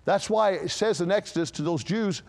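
Male pastor with a higher voice, animated preaching, large reverberant church. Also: moderate pace. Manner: animated preaching with rhetorical questions, swelling to emphatic peaks. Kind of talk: sermon.

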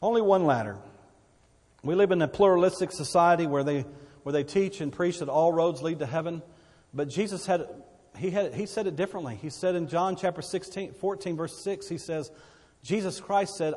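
A man preaching a sermon in a church, his somewhat high voice carrying a long reverb from the hall. He speaks emphatically and repeats words as he presses his point. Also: normal speed, a little mellow, husky. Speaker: pastor.

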